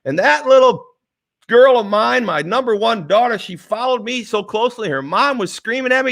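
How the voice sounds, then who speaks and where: A middle-aged man with a high voice tells a personal story in a motivational talk. He speaks in an animated, heartfelt way and often stops to restart a phrase mid-thought. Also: normal speed, gravelly.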